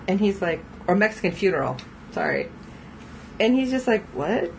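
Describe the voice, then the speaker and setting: A woman co-hosting a casual TV recap podcast, chatty and quick to laugh as she acts out lines from the show. Her voice sits at an ordinary middle pitch, with faint noise behind it. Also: sing-song, poor audio. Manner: chatty, laughs often, quotes characters. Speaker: podcast co-host.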